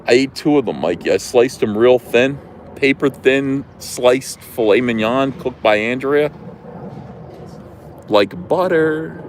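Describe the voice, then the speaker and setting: A man with a New Jersey accent hosting a livestream outdoors, chatting casually in an animated, rambling way. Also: mid-range voice, slow, slight background noise. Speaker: livestream host. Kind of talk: casual chat.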